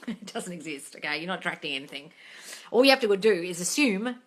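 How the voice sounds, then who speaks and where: A woman's voice: lowish voice, expressive, brisk, a bit bright. A woman coach reading viewer questions aloud on a casual live stream, blunt and full of swearing, calling everyone darling.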